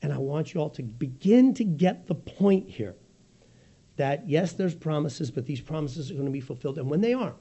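A man preaching a sermon as pastor, with a raspy voice, animated and swinging between soft and loud, joking about his own slips. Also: lo-fi sound. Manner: animated preaching with wide swings in pitch and loudness; jokes at his own slips, laughs easily.

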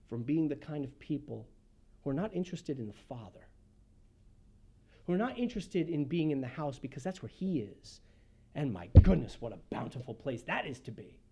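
A pastor preaching a sermon, swinging from loud emphasis to hushed, almost whispered passages and acting out the people in the story. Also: medium pitch. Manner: acts out the voices of the people he describes.

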